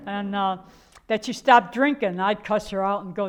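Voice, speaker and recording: A woman's voice: medium pitch, moderate pace, hardly any pauses. An older woman from the Chicago area telling her own life story in a candid, rambling way, full of fillers and restarts. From Chicago area, USA. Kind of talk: personal storytelling.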